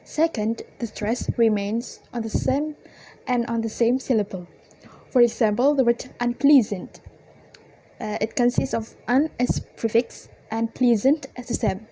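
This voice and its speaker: A woman's voice: a little high, measured pace, mellow, slightly rough, low-quality recording. A young woman student explaining a lesson, a little hesitant with fillers and restarts. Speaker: student presenter. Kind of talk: reading class presentation.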